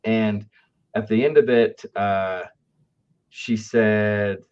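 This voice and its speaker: A man's voice: on the low side, fairly even intonation, very slow, a little mellow, clean tone. A man telling stories about customer service in a conversational way, often asking "right?" to check in with the listener. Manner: anecdotal, keeps asking "right?". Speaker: aftercare company speaker. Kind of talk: conversational business storytelling. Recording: dull lo-fi audio.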